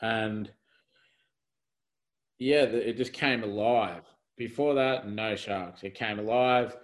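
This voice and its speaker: A man's voice: fairly low pitch, fairly even intonation, slow pace, low-quality recording. A young man telling a story as a podcast guest over a video call, rambling with lots of fillers and laughs. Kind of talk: casual storytelling in conversation.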